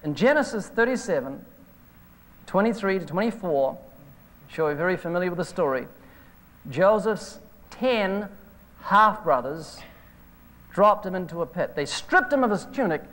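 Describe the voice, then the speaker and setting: A man preaching a sermon and telling stories about phone calls, full of animated retellings. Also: high voice, normal speed, pauses often. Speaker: evangelist preacher. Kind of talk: sermon with anecdotes. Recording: hall reverb from an old videotape.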